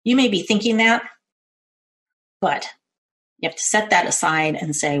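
A middle-aged woman giving a calm, earnest instructional talk on personal safety. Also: mid-range voice, a little slow, pauses often. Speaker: self-defense instructor.

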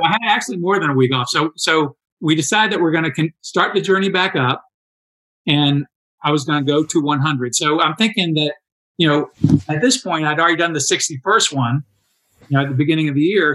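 A man in his sixties telling stories in a casual interview, animated and acting out quoted dialogue. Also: on the high side, a little fast, low-quality recording. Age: 60s. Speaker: interview guest, endurance athlete.

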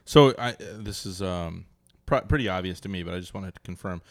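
A man's voice: sits low, a little fast, dry recording, studio quality. A man hosting a podcast, teasing his guest with offbeat questions in casual chat, with a Southern Californian accent. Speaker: podcast host.

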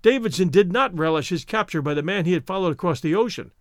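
A man narrating a novel in a steady, expressive reading. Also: sits high, fast, no room sound, clean studio sound. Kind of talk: audiobook narration.

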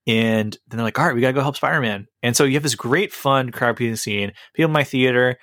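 A man's voice: mid-range voice, fast talker, a bit bright, dry recording, clean studio sound. A man co-hosting a podcast, chatting casually and enthusiastically about a movie with a rambling, jokey manner. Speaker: podcast co-host. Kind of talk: casual movie review chat.

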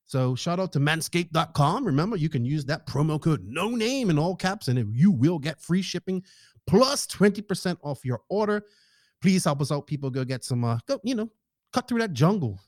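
A man hosting a casual podcast, joking, excitable and swearing freely while he thanks sponsors and chats with a guest over a remote call. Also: fairly high pitch, normal speed, no room sound, studio quality. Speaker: podcast host. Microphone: podcast microphone, remote call.

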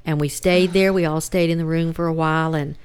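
Soft-spoken woman telling a family story. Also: sits low, steady tone, clean tone. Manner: halting, soft-spoken, laughs through tears. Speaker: guest relative.

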